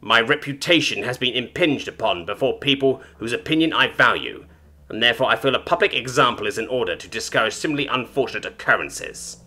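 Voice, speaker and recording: A man's voice: mid-range voice, lively intonation, quick pace, sharp tone. A man voicing a haughty, cold female alien information broker in a storybook reading, with clipped, formal, disdainful speech.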